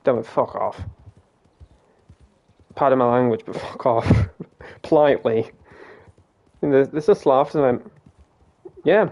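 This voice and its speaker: A man's voice: mid-range voice, moderate pace, long pauses, darkish tone, lo-fi sound. A British man streaming a game, telling a rambling story in a casual way, with frequent restarts and some swearing.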